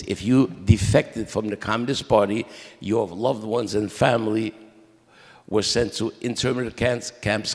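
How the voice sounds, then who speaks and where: A man telling his family's history at a memorial mass, in a conversational, halting way with many restarts and quoted dialogue. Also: fairly low pitch, creaky, big-room sound. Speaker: eulogy speaker at a memorial mass. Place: church.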